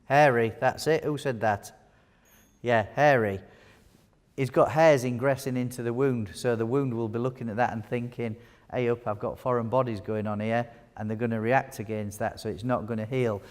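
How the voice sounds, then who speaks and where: A man's voice: medium pitch, fairly even intonation, moderate pace. A man giving a live wound care teaching talk, chatty and jokey, quizzing his audience. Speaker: wound care nurse presenter. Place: large hall with audience. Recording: long hall reverb.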